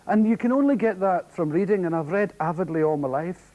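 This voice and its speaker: A Scottish man doing a stand-up storytelling set, lively and animated, often mimicking others in sharp high voices. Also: fairly quick, highs cut off. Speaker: comedian. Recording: 1980s TV audience show, loud crowd and noise. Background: loud audience laughter.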